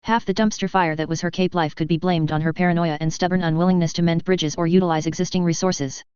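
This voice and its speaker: A woman reading a story aloud in steady first-person narration. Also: fairly low pitch, fast talker, clean tone, dry recording, muffled recording. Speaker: reader. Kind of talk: audiobook reading of fan fiction.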